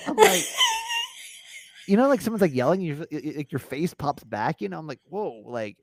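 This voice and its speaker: A man's voice: on the high side, fairly quick, vocal fry, no room sound, clean studio sound. A man hosting a podcast, telling a rambling story in a casual, swearing way. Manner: animated, rambling, swears and laughs. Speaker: podcast host.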